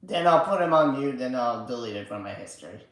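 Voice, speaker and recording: A man's voice: mid-range voice, expressive, a little fast, fairly bright tone. A man hosting a casual livestream, rambling and swearing with lots of filler words. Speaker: livestream host. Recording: very echoey room.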